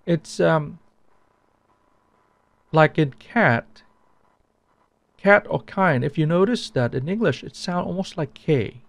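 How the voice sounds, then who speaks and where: A man teaching a language pronunciation lesson, repeating each sound slowly so it can be compared. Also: fairly high pitch, animated, gravelly, no echo.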